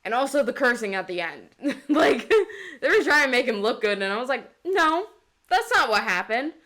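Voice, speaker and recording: A woman's voice: fairly high pitch, expressive, a little fast, a bit bright. Heated, swearing young woman ranting. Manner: heated, swearing, lots of fillers. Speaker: comics vlogger. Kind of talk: casual rant.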